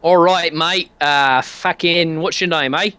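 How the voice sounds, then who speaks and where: A man's voice: on the high side, measured pace, pushed and bright, smooth, no echo, pitched above the performer's own voice. A man voicing a chummy male security-shop owner in a put-on British accent, stumbling over his words and calling everyone mate. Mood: chummy salesman.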